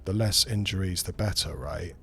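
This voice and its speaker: A man's voice: low voice, normal speed, pushed and bright, a little hiss or hum. A man streaming a strategy game who talks through his moves in rambling, casual commentary and swears freely.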